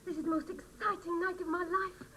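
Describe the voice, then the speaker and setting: A gushy earnest do-gooder, very high voice, hissy old tv sound. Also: female voice, level tone, brisk, pushed and bright, poor audio. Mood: thrilled. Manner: earnest, coaxing, gushing. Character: eager, gullible do-gooder woman who craves excitement. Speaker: refuge resident. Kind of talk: 1980s TV sitcom acting.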